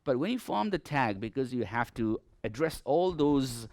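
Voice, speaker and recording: A man's voice: medium pitch, very animated, moderate pace, darkish tone, dry recording, clean studio sound. A man teaching a grammar lesson in Nepali-accented English, explaining step by step and often saying "okay" as he stresses key words.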